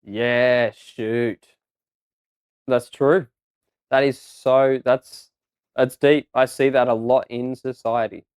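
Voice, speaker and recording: A man's voice: medium pitch, flat delivery, takes it slowly, pauses often, smooth, no room sound. A man co-hosting a casual livestream show, rambling through his points with many fillers and restarts. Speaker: co-host. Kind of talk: casual podcast chat.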